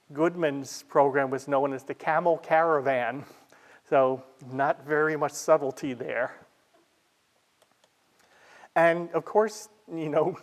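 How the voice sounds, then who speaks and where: Chatty man giving a history talk. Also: on the high side. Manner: chatty, with frequent "uh" fillers and asides. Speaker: library history presenter. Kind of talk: informal illustrated history talk.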